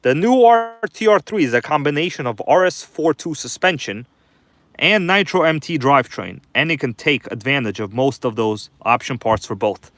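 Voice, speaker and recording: A man's voice: medium pitch, animated, normal speed, fairly bright tone. A man hosting a casual livestream from inside his parked car at night, chatting loosely and greeting viewers by name. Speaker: livestream host. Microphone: phone.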